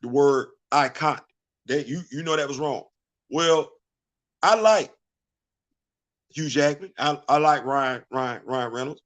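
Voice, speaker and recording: A man's voice: on the high side, takes it slowly, pauses often, a bit bright. Emphatic, preachy male vlogger. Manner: emphatic, repetitive, preachy rhetorical questions. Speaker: vlog host. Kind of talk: casual opinion commentary.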